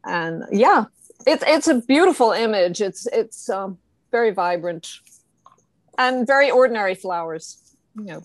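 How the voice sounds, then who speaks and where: A woman at an open mic reading her poem and chatting in a relaxed way over a video call. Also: medium pitch, measured pace, dry recording. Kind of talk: poetry reading and casual chat.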